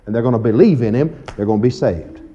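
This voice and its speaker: A man preaching an evening Bible teaching in a folksy, conversational way, often saying "you see" and "okay.". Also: fast talker. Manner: animated, acts out quoted voices with big pitch jumps. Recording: muffled lo-fi recording.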